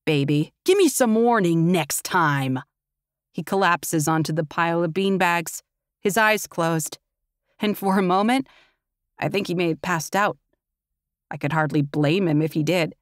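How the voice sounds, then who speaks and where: A woman reads a fantasy audiobook in the first person, her delivery tense and intimate. Her voice sits a little on the low side. It is recorded close in a dry booth. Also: moderate pace, no echo. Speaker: audiobook narrator.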